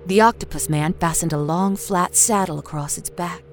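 A woman storyteller narrating a horror story in a steady, expressive reading. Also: lowish voice, moderate pace. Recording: narration over a faint music score.

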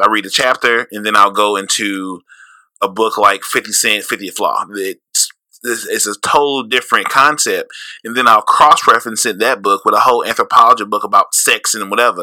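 Rambling, swearing podcast man with a bright voice. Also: fairly low pitch, no room sound. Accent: St. Louis. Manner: loose, rambling, laughs a lot, swears freely. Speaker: podcast co-host. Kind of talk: casual chat.

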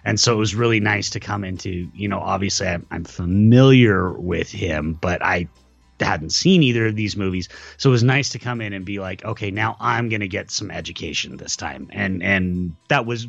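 A man talking as a podcast guest in casual chat, enthusiastic and quick in bursts. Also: low voice, lively intonation, vocal fry, a bit bright, slightly rough, dull audio, soft background music.

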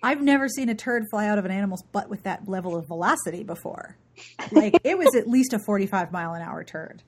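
Brief: woman podcast host, husky texture, jokey, casual banter. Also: mid-range voice, expressive, quick pace. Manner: laughs often, joking, trails off quietly. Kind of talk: casual chat.

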